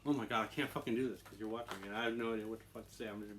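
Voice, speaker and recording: A man's voice: on the low side, a bit bright, slight background noise. A man hosting an airsoft video in a laid-back, casual way, swearing often and laughing at his own mistakes. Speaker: channel host reviewing airsoft guns. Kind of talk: casual scripted video talk with outtakes.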